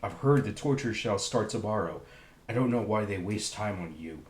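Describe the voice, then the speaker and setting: A man's voice: on the low side, lively intonation, moderate pace, roomy sound, slight background noise, natural voice. A man reading as a scornful jailer. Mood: menacing. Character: cold, scornful male prison jailer.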